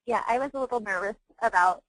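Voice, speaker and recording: Adoptive mom on a webinar call, lively storyteller, laughs a lot, dry close sound. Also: female voice, on the high side, quick pace, no echo, poor audio. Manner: animated, acts out quotes, laughs often. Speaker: adoptive mother, guest. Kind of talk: candid conversational storytelling. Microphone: webinar call mic.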